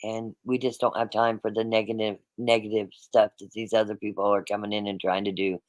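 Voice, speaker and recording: A man's voice: on the low side, level tone, a little fast, no echo, rough recording. A man hosting a livestream, talking straight to his chat in a rambling, repetitive, casual way. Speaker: livestream host.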